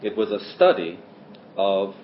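A man preaching a sermon in a church hall, who swings between loud stresses and quiet asides. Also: deep voice, very animated, unhurried, a little hiss or hum. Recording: roomy, dull lo-fi sermon recording.

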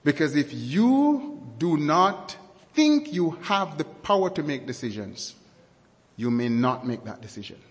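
A man preaching a sermon, speaking slowly and deliberately and repeating key words and definitions for emphasis. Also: fairly high pitch, sing-song, big-room sound.

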